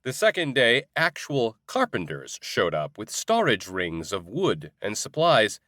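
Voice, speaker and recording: A man narrating a first-person audiobook in an expressive, conversational way. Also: on the low side, measured pace, dry recording, clean studio sound.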